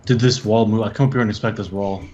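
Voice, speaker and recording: A man talks through his moves in a tabletop game, calm and thinking aloud. His voice is on the low side. The recording sounds a little dull and faintly noisy. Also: fast. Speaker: player. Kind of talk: casual tabletop game play.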